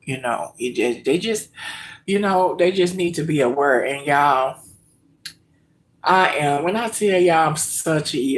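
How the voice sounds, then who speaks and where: A woman hosting a casual live cooking stream, speaking to her viewers in an emotional, heartfelt way, with many pauses and soft near-whispered moments. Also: sits low, animated. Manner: slow, heartfelt, emotional, addresses viewers as y'all. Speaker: cooking vlog host.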